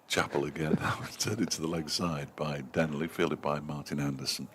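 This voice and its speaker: A man's voice: extremely low pitch, steady tone, brisk, noisy background. A man doing live cricket commentary, chatty and self-mocking, reading out messages from listeners between the balls. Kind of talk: live sports commentary with banter.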